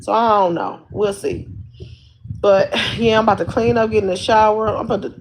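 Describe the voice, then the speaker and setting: Woman rambling to her stream viewers on her phone, chatty, laughs a lot, mid-pitched. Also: steady tone, brisk, low-quality recording. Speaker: livestream host. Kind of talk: casual chat to viewers.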